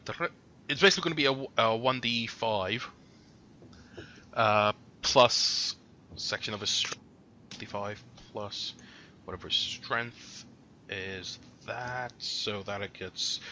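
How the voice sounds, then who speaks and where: A man's voice: mid-range voice, takes it slowly, pushed and bright, highs cut off, slight background noise. A man narrating a tabletop game as game master in a loose, chatty way, humming to himself while he looks up rules. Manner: casual, chatty, hums while looking up rules.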